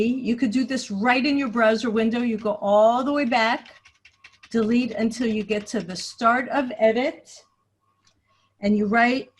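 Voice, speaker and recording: Woman teaching teachers over a video call, fairly high voice, chatty step by step. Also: husky. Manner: chatty step-by-step explaining, thinks aloud. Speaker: teacher trainer leading a webinar. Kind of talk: screen-share tutorial. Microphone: computer mic on a video call.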